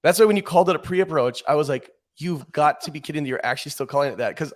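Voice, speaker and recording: A man in his forties, a podcast guest telling rambling stories in casual chat, with frequent restarts. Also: a little high. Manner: animated rambling storyteller, quick restarts.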